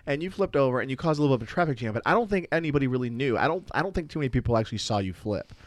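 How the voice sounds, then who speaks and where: A man's voice: mid-range voice, animated, very fast. A man co-hosting a podcast, chatting casually, explaining at length and joking. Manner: easygoing, explains at length, jokes. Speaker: podcast co-host. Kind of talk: casual chat with product review.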